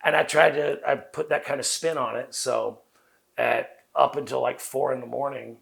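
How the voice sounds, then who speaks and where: A Southern-accented man with a gravelly, fried edge to his voice, talking as an interview guest. He races through rambling, profane anecdotes and acts out what other people said. His pitch sits in an ordinary male middle range. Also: fairly even intonation, a bit bright. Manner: fast talker. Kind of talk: casual interview storytelling.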